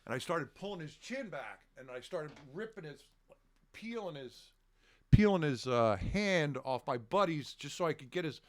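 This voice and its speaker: A middle-aged man tells a story casually on a podcast, swearing freely and performing the shouts and quotes of the people involved. His pitch is fairly high, his delivery animated at a moderate pace, and the recording is dry.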